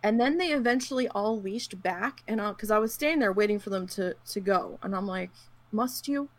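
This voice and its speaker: A woman chatting casually about gaming, telling her stories with animated quotes and a lot of fillers. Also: mid-range voice, brisk. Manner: animated storyteller who acts out quotes; frequent fillers and laughs.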